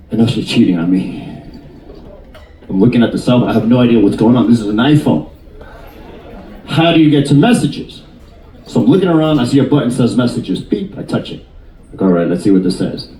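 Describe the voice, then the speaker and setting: A man in his fifties doing stand-up comedy and crowd work, teasing the audience in an animated, jokey way. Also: medium pitch, reverberant, distant mic, slight background noise, rough recording. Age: 50s. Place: cruise ship theater.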